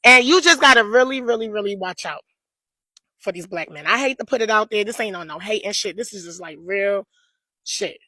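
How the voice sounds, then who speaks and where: A woman's voice: medium pitch, lively intonation, fairly quick, pushed and bright, no echo. A woman giving a blunt, slangy opinion rant to camera.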